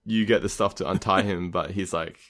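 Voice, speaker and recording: A man guest on a podcast, brainstorming game ideas in a loose, rambling way full of "like" and quick laughs. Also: sits low, steady tone, fairly bright tone. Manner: rambling, heavy use of filler "like", laughs often.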